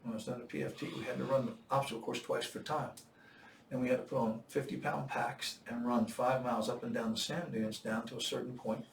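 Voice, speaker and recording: An older man tells a long story in a casual, lively way, now and then acting out the voices he quotes with loud bursts. He sounds set back from the mic in an echoey room, with a faint noise underneath. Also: medium pitch, fairly quick, recorded from a distance. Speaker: Marine veteran storyteller.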